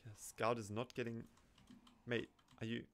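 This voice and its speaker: A man narrating his match as he plays, chatty and jumpy, dropping to quiet mutters under his breath and then bursting out when danger appears. His pitch sits in an ordinary middle range, and faint keyboard clicks are heard behind him. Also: moderate pace, slight background noise. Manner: excitable, swings from muttering to yelping and laughing. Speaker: gaming commentator. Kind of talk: live gameplay commentary.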